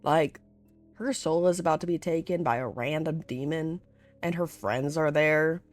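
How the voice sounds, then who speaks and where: A woman's voice: low-pitched, normal speed, faint music behind. A woman vlogger recapping a series in casual, rambling chat, full of filler words. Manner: chatty and rambling, full of "like", with laughs and swearing.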